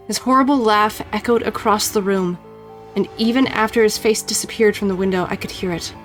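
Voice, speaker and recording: A woman's voice: mid-range voice, a little fast, faint music behind. A young woman streaming a visual novel, reading its text aloud and reacting bluntly.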